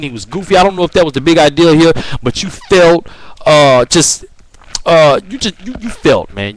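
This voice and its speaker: Young male vlogger, slightly high voice, dry close sound; rambling, profane, filler-heavy delivery. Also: dry recording, poor audio. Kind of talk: casual opinion rant.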